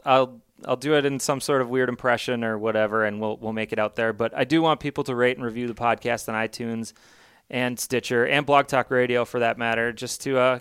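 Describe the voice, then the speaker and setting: A man hosts a casual podcast. His voice is smooth and resonant at a middle pitch. The sound is dry and close on a studio mic, and he rambles easily with plenty of fillers. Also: dry recording. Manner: relaxed, rambling, many fillers. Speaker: podcast host.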